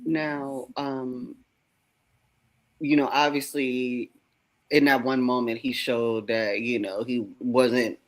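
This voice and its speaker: A man's voice: mid-range voice, level tone, slow. A man hosting a podcast, asking questions hesitantly with many fillers. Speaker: podcast host. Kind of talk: interview questions.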